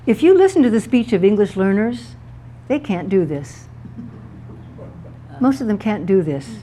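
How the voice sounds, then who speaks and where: A woman's voice: medium pitch, big pitch swings, a little slow, pauses often, mellow. A woman author giving a talk to a live audience about words, playful and laughing at her own wordplay.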